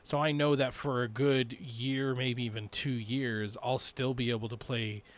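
A man's voice: medium pitch, steady tone, measured pace. A man co-hosting a gaming podcast, chatting casually and joking, then walking through a game character's abilities. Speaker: podcast co-host.

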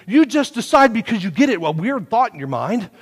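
Animated preacher in a reverberant hall. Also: male voice, high voice, brisk, breathy edge. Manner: folksy, animated preaching with sudden swings from hushed to loud. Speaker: pastor. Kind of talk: sermon. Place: church sanctuary.

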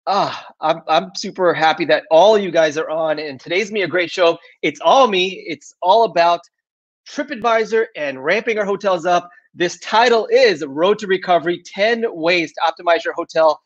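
A man's voice: high voice, normal speed. A man hosting a live online show, chatting casually with lots of fillers, restarts and laughs. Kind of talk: casual live-stream talk. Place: southern United States. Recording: dull lo-fi sound.

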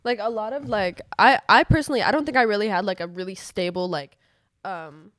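A woman's voice: mid-range voice, brisk, no echo. Rambling young woman, dry close sound. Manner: rambling, filler-heavy, profane, animated retelling. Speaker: podcast guest. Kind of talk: casual storytelling.

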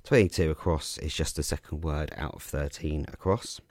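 Very deep gravelly man, casual. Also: moderate pace, no echo, clean studio sound. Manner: relaxed, chatty, frequent ums and self-corrections. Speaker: podcast host explaining crossword clues. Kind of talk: casual explanatory talk.

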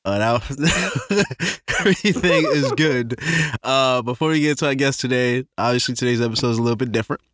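A man's voice: mid-range voice, fairly quick, a bit bright, no echo, studio quality. A man co-hosting a podcast, joking around and swearing freely in casual chat. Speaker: podcast co-host.

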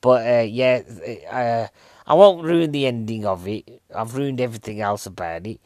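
A man's voice: mid-range voice, moderate pace, darkish tone, dry recording, studio quality. Rambling, jokey man in his forties. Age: 40s. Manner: rambling, jokey, self-mocking. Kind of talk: casual film review chat.

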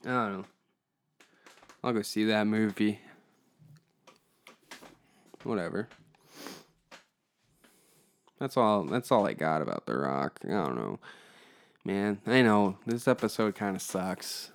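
A man's voice: fairly low pitch, sing-song, unhurried, gravelly, long pauses. A hungover man hosting a solo podcast, ranting heatedly and swearing constantly. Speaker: podcast host.

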